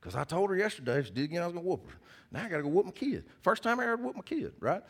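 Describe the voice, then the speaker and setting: A middle-aged man preaching a sermon, telling personal stories as he swings between loud bursts and hushed asides. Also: sits high, big pitch swings, racing, breathy edge.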